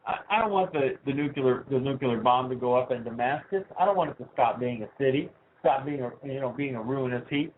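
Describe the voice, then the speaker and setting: A man hosting his own talk radio show, ranting with heat and swinging from low asides to loud outbursts. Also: slight background noise. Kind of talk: political talk radio rant. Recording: tinny phone-like sound.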